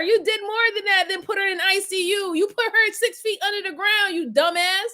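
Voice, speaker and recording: A woman's voice: very high voice, normal speed, few pauses, sharp tone. A woman hosting a reaction video, commenting bluntly and exasperated, swearing freely.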